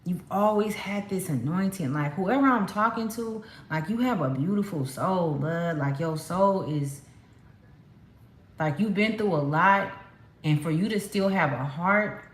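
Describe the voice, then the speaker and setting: Speaking a little slowly in a lowish voice, a California tarot card reader gives her viewers a casual spiritual reading. She's emphatic and chatty with plenty of slang, recorded in an echoey room.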